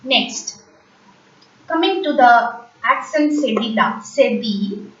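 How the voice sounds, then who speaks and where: A woman teaching a language lesson at a high pitch and a deliberately slow pace, patiently repeating each word for learners. She sits away from the microphone in a roomy, echoing space. The sound is dull and lo-fi. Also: animated. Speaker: French teacher. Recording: echoey room, distant, dull lo-fi mic.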